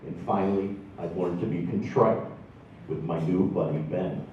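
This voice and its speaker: A man's voice: sits low, fairly even intonation, normal speed, far from the mic, a little hiss or hum. A man, telling wry, self-deprecating stories to a live audience. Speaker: storyteller. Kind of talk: stand-up storytelling. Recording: echoey room from afar, dull sound.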